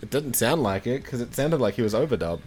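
Teasing man, lively pitch. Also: fast talker, breathy edge. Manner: dry, teasing, laughs often. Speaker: podcast co-host. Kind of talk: casual chat.

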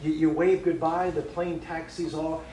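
A middle-aged man, a missionary preacher, delivering a sermon in emphatic rhythmic lists that swing from loud to hushed. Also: a little high, flat delivery, moderate pace, reverberant, background noise.

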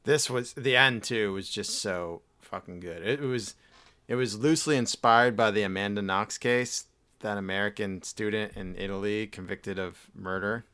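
A man co-hosting a podcast in casual, profane, rambling chat, mostly low-key. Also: moderate pace, bright, forceful tone, smooth, no room sound. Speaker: podcast co-host.

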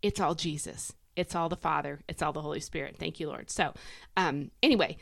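A woman hosting a devotional podcast, chatty and emphatic, swinging her pitch up and down to stress words. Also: fairly quick, creaky, a bit bright, no room sound, clean studio sound. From United States. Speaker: podcast host.

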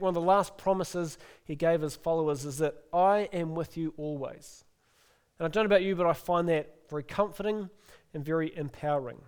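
A middle-aged male pastor preaching a sermon in an earnest, gently inviting way, then closing in prayer. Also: high voice, clear, resonant tone.

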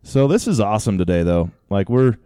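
Casual podcast co-host, young Idaho man, low and mellow, teasing banter, dry close sound. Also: lively intonation, brisk, clear, resonant tone, no echo. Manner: joking, teasing. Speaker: podcast co-host, rodeo announcer. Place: home basement.

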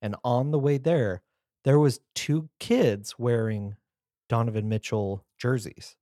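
A man's voice: medium pitch, slow, warm tone, no room sound, studio quality. A man co-hosting a casual podcast chat, telling stories with eager energy. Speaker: podcast co-host.

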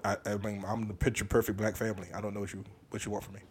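A man's voice: fairly low pitch, flat delivery, slightly rough. A man co-hosting a podcast, teasing and grilling a friend in a joking way. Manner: teasing, ribbing, quick. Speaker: podcast co-host. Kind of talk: casual comedic chat.

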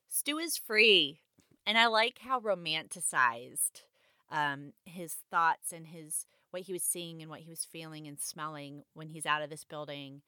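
A woman with a low-pitched but sharp, bright voice retells a novel chapter in a casual, chatty way. She drops in personal asides between stretches read straight from the page. The recording is dry and close, with no room sound. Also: a little slow, clean tone, dry recording. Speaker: podcast host. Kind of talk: casual book recap with read-aloud passages.

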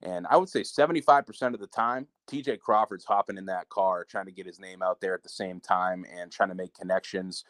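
A man's voice: sits low, brisk, hardly any pauses, fairly bright tone, no room sound. A man co-hosting a wrestling preview show, talking candidly and with heat, sometimes swearing. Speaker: wrestling promotion co-host. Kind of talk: casual podcast chat.

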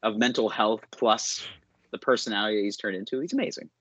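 Husky low-voiced man chatting on a podcast. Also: brisk, fairly bright tone, dry recording. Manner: laughs often, does playful impressions. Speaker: podcast co-host. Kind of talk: casual podcast chat.

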